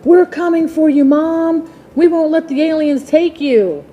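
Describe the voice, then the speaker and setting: A woman voicing a bold, bossy young female chick who snaps out orders and shouts battle cries. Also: medium pitch, animated, a little slow, a little hiss or hum, natural voice. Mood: shouting. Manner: commanding, snappy, shouting orders.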